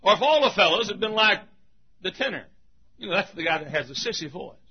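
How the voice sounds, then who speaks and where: High, lively preacher laughing through a sermon. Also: male voice, a little fast, slight background noise. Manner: lively, laughing often, shouting for emphasis. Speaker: pastor. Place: church. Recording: dull lo-fi sound.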